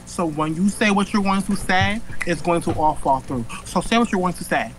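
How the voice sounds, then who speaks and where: A person from Oakland, California, talking in a sassy, put-on voice on a video chat call, cursing and firing back quick comebacks. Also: mid-range voice, lively intonation, a little hiss or hum, rough recording. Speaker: stranger on a video chat app.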